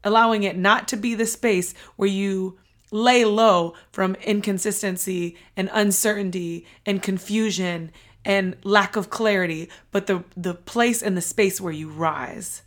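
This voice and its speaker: A young adult woman hosting a motivational podcast, hoarse and a bit out of breath from losing her voice, talking in an energetic, emphatic, casual way with the odd swear. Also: mid-range voice, measured pace. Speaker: podcast host.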